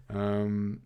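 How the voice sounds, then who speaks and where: A man with a lowish, clean voice, captured in dull audio, streams a colony game. He rambles casually, chatting to his characters and to viewers as he plays live.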